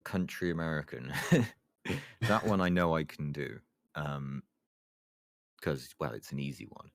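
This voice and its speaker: A man's voice: very deep voice, a little slow, gravelly. A man chatting casually on a podcast, hesitant and laughing often. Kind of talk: casual chat.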